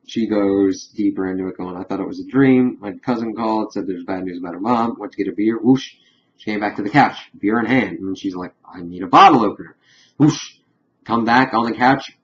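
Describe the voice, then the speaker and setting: A man's voice: lowish voice, dull audio, a little hiss or hum. A man casually recapping a TV episode, rambling and repeating "of course" as he loosely quotes the characters. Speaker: TV episode reviewer.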